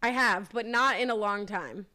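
A woman's voice: mid-range voice, normal speed, sharp tone. A woman hosting a podcast in casual chat, leading the talk and reading out listener questions. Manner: chatty, leads the discussion, reads listener questions. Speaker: podcast host.

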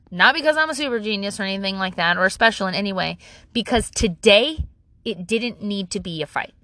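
Woman, 30s, bright tone, casual candid vlog storyteller who swears easily. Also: medium pitch, no echo. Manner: candid, chatty, self-deprecating, swears casually. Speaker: parent vlogger.

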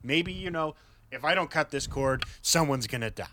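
A man's voice: on the high side, lively intonation, normal speed, pushed and bright, a little hiss or hum. A man who runs a knife shop, chatting casually in a rambling way, full of fillers and acting out his customers. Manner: rambling, full of "like" and "you know", acts out customers. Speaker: knife shop owner on a podcast. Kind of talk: casual chat.

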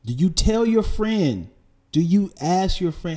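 Animated man with lively pitch. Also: slow. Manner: animated, acts out friends in falsetto and low voices. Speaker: podcast co-host. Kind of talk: casual chat.

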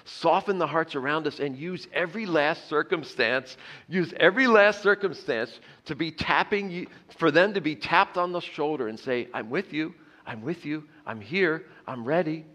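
An earnest male pastor delivers a sermon in a bright, ringing voice that sits a little high for a man. He repeats himself as he builds a point and lets his voice drop softly on the key phrases. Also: lively intonation, moderate pace.

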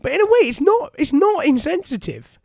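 A man co-hosting a casual podcast, chatty and quick to argue. His voice sits high and swoops up and down a lot as he talks. The sound is dry and close. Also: sing-song, gravelly, darkish tone, no room sound. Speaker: podcast co-host. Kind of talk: casual chat.

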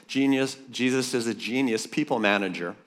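A pastor preaches a sermon at a leaders' conference, emphatic and jokey, calling out for amens from the crowd. His medium-pitched voice is fairly bright and moves at a moderate pace, with the long reverb of a large hall.

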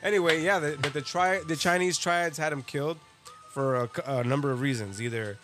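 Talking fairly quickly in a somewhat high voice, a man hosts a laid-back podcast with music behind him. His story is profane, full of asides, swearing, and laughter.

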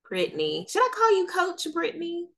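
A woman's voice: very high voice, huge pitch swings, measured pace, a bit bright. A woman with a Southern US accent from North Carolina, hosting a podcast interview in a chatty, upbeat way. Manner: chatty and upbeat, laughs often. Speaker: podcast host. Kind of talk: casual interview chat.

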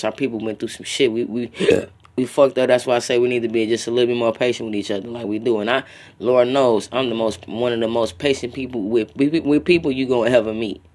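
A young man hosting a solo podcast in a loose, profane, rambling way, talking straight at his listeners and ending lines with slang tags like bro and my friend. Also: medium pitch. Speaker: podcast host. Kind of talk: casual solo podcast rant.

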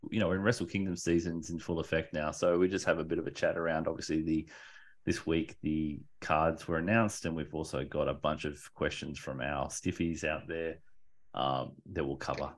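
A man co-hosts a casual podcast in a dry, teasing tone. His voice is very deep and low. He ribs the others with sarcastic asides. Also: level tone, moderate pace. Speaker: podcast co-host and editor.

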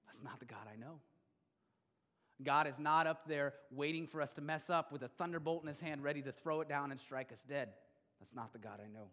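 A middle-aged male pastor delivering a sermon, swinging between loud emphatic bursts and quiet, intimate stretches. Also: a little high, a little fast. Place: church sanctuary. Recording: long hall reverb.

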